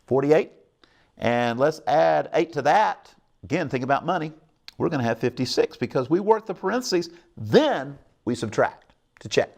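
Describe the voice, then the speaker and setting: Middle-aged male TV math teacher, upbeat and coaxing, slightly high, gravelly voice. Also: expressive, normal speed, a little mellow. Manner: upbeat, coaxing, checks in with viewers often. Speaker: math teacher hosting a call-in show. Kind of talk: televised math lesson.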